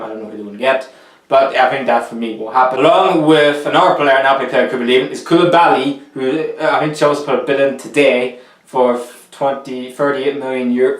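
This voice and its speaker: A man's voice: mid-range voice, recorded from a distance. Young man, football vlog, opinionated and rambling, echoey room, a bit off mic. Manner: chatty, rambling, opinionated, restarts sentences. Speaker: football vlogger. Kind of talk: casual football transfer commentary. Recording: roomy echo, a little off the mic.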